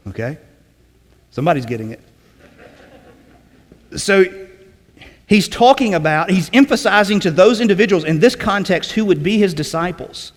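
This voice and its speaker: A man preaching a sermon in a conversational teaching way, often checking in with "okay?" and clearing his throat. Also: sits high, very animated, moderate pace, pauses often, big-room sound. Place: church sanctuary.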